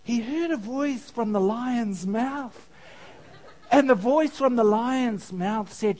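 Preaching a sermon, a man tells a funny parable, poses questions to the congregation and laughs at his own jokes. His voice is very high with a darkish tone, and he speaks slowly.

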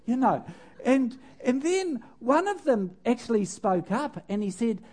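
Animated older man preaching a sermon. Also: very high-pitched, a little slow. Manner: animated, self-mocking, laughs at himself. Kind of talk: sermon storytelling.

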